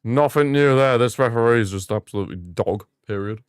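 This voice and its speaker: A young man hosting a live football watchalong, giving excitable fan commentary and ranting at the referee. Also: medium pitch, fairly quick, smooth, no echo, clean studio sound. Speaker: watchalong host.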